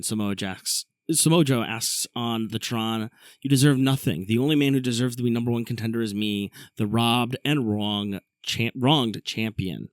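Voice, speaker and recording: A man hosts a casual wrestling recap podcast, running through the events in a brisk storytelling way. His voice sits in an ordinary middle range. The sound is dry and close to the mic. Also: mid-range voice, smooth, dry recording. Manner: recaps matches briskly, reads an ad read. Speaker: podcast host.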